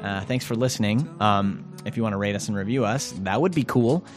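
A man's voice: lowish voice, brisk, over music. A man co-hosting a podcast, telling stories in a casual, rambling way with lots of fillers and laughs. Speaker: podcast co-host. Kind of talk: casual chat.

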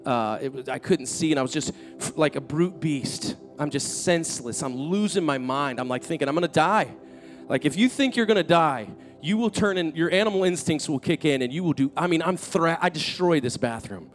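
A man preaching a sermon, telling a personal story in an earnest, animated way that builds in intensity. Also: fairly high pitch, brisk, few pauses, faint music behind. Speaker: pastor.

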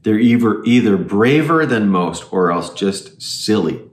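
A man's voice: fairly low pitch, lively intonation, a little slow, reverberant. A man voicing a fatherly male talking beaver in a storybook read-aloud, with emphatic delivery.

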